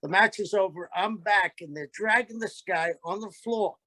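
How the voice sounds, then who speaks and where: A man's voice: high voice, normal speed, pushed and bright, dry recording. A man who co-hosts a wrestling show, telling a story in blunt, casual chat. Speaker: podcast host.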